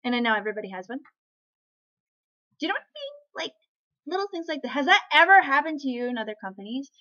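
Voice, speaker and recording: An animated woman with a fairly high voice rants casually straight to camera. She keeps asking the listener rhetorical questions and trips over her own restarts. The sound is dull and lo-fi, like a home webcam. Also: fast. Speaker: network marketing vlogger. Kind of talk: casual talking-to-camera rant.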